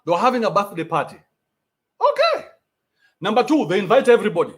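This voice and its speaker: A Kenyan man rants on his podcast in a high voice that bounces all over the place. He mocks freely, swears often and slides between street slang and English. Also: fast. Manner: animated, mocking, swears freely, mixes Sheng with English. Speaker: podcast host. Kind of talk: ranting commentary.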